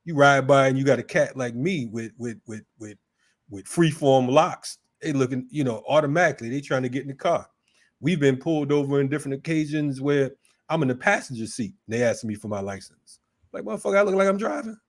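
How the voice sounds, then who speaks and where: A man co-hosting a morning talk show, telling stories in a profane, animated way. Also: medium pitch, fairly quick. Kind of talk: casual political chat.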